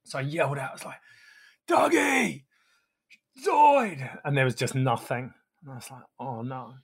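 Calm man telling a story. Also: medium pitch, racing, husky. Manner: calm, matter-of-fact, drops to quiet asides. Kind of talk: casual storytelling.

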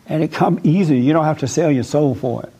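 A man's voice: on the high side, a little fast, mellow, breathy edge, rough recording. A man giving spiritual counseling in an emphatic, preachy way, repeating words for stress.

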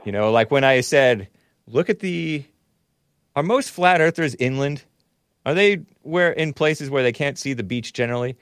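A man's voice: mid-range voice, lively intonation, moderate pace, a bit bright, clean tone, dry recording, clean studio sound. A man hosting a call-in talk show, rambling and musing aloud while he laughs at his own remarks. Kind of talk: casual call-in show chat.

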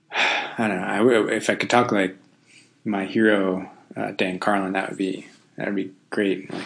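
A man's voice: sits low, level tone, a little slow, vocal fry, long pauses, fairly bright tone. A man hosting a casual solo podcast, thinking aloud in a loose, self-deprecating way with frequent ums and restarts. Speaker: podcast host.

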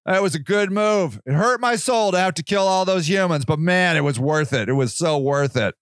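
A man's voice: sits high, expressive, normal speed, no echo, clean studio sound. Smug, flippant God, as a man puts him on. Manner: glib, self-satisfied.

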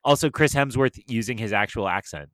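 A man's voice: mid-range voice, expressive, fairly quick, fairly bright tone, dry recording. A man co-hosting a casual film podcast, chatty and enthusiastic, with many fillers. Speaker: podcast co-host.

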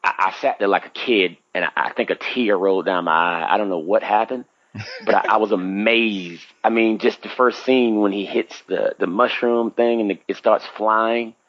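A man's voice: lowish voice, steady tone, moderate pace, fairly bright tone, dry recording, dull audio. A man in his thirties chatting casually, telling a story and acting out his own reactions with big jumps in voice. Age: 30s.

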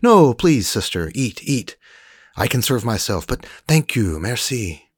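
A man voicing a pushy, smooth-talking French male traveler with a French accent. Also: mid-range voice, big pitch swings, a little slow, dry recording, studio quality, voice pushed up. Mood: wheedling.

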